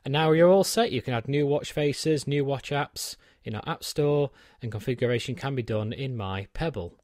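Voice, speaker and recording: A man talks through a gadget set-up in a friendly, rambling way, filling gaps with ums and poking fun at himself. His voice sits at an ordinary pitch and sounds close and dry, with almost no room sound. He is recording in a small home studio. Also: moderate pace, darkish tone, no room sound. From United Kingdom. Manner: chatty, self-deprecating, many ums. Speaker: tech reviewer. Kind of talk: unboxing and set-up walkthrough.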